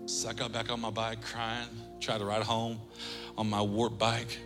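A male pastor preaching a sermon, telling a humorous story in an animated way in a church. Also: on the low side, unhurried. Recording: reverberant church hall, faint music.

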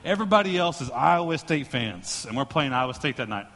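A male pastor preaching a sermon and telling a joking, animated story to his congregation. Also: medium pitch, brisk, big-room sound.

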